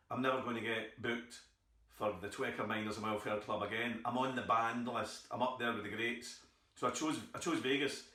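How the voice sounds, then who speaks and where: A man's voice: medium pitch, sharp tone. A middle-aged man with a Scottish accent doing a stand-up routine, telling stories and acting out the other people in them. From Scotland. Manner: storytelling, acting out others' voices. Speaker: stand-up comedian. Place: theatre stage. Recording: echoey theatre from far off.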